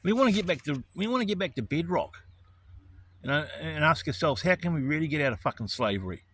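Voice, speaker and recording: A man's voice: on the high side, expressive, fast, fairly bright tone, husky. A man, ranting in an angry, profane monologue about righteous indignation. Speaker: vlogger.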